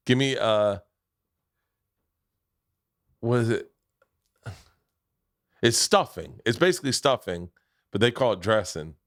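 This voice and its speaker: A man's voice: on the low side, lively intonation, takes it slowly, long pauses, fairly bright tone, no room sound. A man from Florida in casual podcast chat, rambling and crude, close on a studio mic. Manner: rambling, crude, jumps into impressions.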